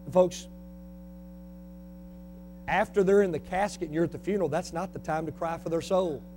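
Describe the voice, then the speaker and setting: A male preacher, delivering a fiery sermon that swings between shouting and quiet talk. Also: a little high, normal speed, a little hiss or hum.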